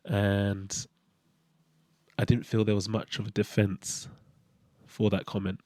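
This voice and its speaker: Man, vlog host, reflective monologue, halting and candid, lowish warm voice, dry sound. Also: level tone, no room sound. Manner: candid, halting, searching for words. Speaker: channel host.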